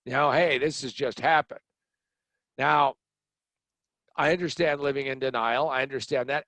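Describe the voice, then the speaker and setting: Middle-aged man, blunt storyteller, animated, dry close mic. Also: medium pitch, no echo. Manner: animated, blunt, acts out other people's lines. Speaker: podcast host telling a personal story. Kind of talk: storytelling monologue.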